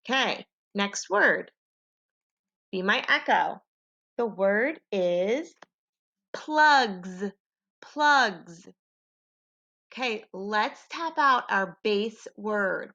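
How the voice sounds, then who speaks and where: Woman teacher, phonics for little kids, slow and bright, muffled lo-fi recording. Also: medium pitch, expressive. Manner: slow, patient call-and-repeat teaching. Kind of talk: home phonics lesson for young children. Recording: dull lo-fi home recording.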